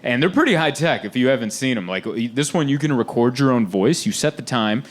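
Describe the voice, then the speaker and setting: A man doing a stand-up comedy set on stage, animated and laughing often as he acts out little scenes. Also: medium pitch, a little fast. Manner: animated, laughing often, acting out quoted voices. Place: live comedy venue with audience.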